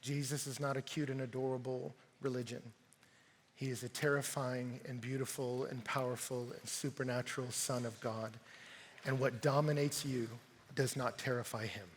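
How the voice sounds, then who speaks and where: A man preaching a sermon at a youth camp, telling stories with animated energy that rises to shouts. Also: medium pitch, moderate pace, slight background noise. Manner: animated storytelling, rising to shouts. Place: large arena at a youth camp. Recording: long arena reverb.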